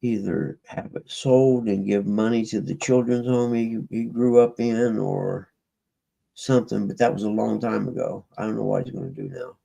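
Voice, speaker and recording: A man with a low, heavily gravelly voice talks casually to his stream viewers. He rambles in a folksy way, trailing off and restarting. His tone is dark, mellow and husky. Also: moderate pace, low-quality recording. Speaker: livestream host.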